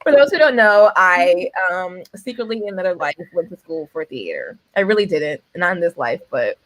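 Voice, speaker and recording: A woman's voice: fairly low pitch, sing-song, moderate pace, fairly bright tone, no room sound. A young woman with an East Coast American accent co-hosting a livestream, chatty and self-teasing, laughing often. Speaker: readathon co-host. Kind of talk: casual livestream chat.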